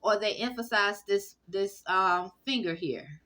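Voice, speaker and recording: Woman, bright tense voice, casual monologue, halting, lots of restarts. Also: mid-range voice. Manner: rambling, halting, with frequent fillers and restarts.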